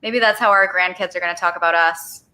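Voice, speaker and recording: A woman's voice: lowish voice, fairly even intonation, fast talker, bright, forceful tone. A woman co-hosting a casual podcast, chatting in a reflective way with many fillers. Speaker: podcast co-host. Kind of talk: casual chat.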